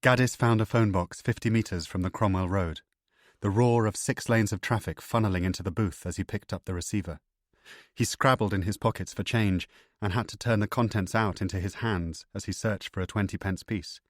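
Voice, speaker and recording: A man narrating a thriller audiobook in a measured, steady way. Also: lowish voice, no room sound, clean studio sound.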